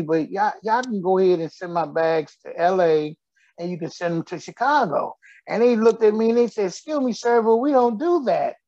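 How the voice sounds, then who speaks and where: A man's voice: a little high, vocal fry, darkish tone, no room sound, muffled recording. A middle-aged man, a comedian guest telling stories with frequent laughs. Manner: laughs often, loose storytelling delivery. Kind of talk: joking radio interview chat.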